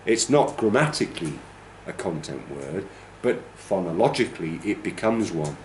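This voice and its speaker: A man's voice: low voice, big pitch swings, normal speed, a little mellow, echoey room, a little hiss or hum. A man teaching a training class, explaining pronunciation and demonstrating stress patterns aloud. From United Kingdom. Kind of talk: classroom lecture.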